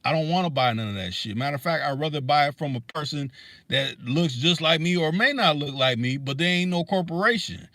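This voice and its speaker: A man's voice: a little high, animated, fairly quick, bright, forceful tone, no echo. Guy ranting on his stream, cussing a lot, tripping over words, dead dry room. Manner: heated, profane, stumbling restarts. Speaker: livestream host. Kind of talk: casual rant on a livestream.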